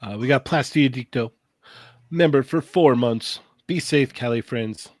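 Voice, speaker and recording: A man's voice: medium pitch, moderate pace, darkish tone, no room sound. Chill guy reading out chat on a live show, dry audio. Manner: laid-back, reading out viewer comments. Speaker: podcast co-host. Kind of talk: casual livestream chat.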